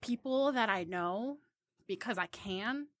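A woman's voice: on the high side, lively intonation, slow pace, a bit bright, dry recording, studio quality. A young woman telling a dating story in a casual chat, wandering off and backtracking as she goes. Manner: rambling storyteller, backtracks a lot.

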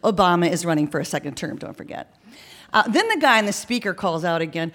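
A woman telling a story to a live audience in an animated, chatty way, dotted with ums and okays. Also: on the low side, fast talker.

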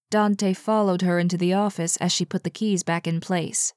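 A woman narrating a story aloud in a slow, deliberate way. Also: fairly low pitch, steady tone, a little mellow, no echo, studio quality.

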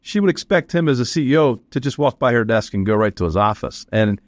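A man's voice: medium pitch, animated, fast talker, dry recording. A man co-hosting a podcast, reflecting on and summing up what he heard. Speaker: podcast co-host. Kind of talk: casual podcast chat.

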